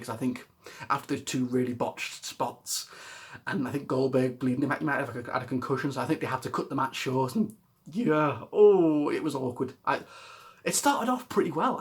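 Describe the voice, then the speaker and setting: A man rambling through a casual wrestling reaction vlog, exasperated, swearing and laughing often. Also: medium pitch. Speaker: wrestling vlogger.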